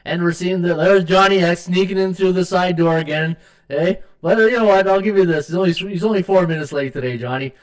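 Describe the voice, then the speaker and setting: A man's voice: high voice, a little fast. A middle-aged man hosts a live sports betting podcast, rambling with many fillers and reading viewer comments aloud. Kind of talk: casual live-stream chat.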